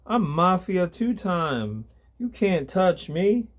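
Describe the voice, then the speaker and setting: A man's voice: sits high, very animated, takes it slowly, pitched above the performer's own voice, heavily acted. A man voicing a crude, cocky young street thug in a storybook reading. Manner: sneering, brash tough-guy talk.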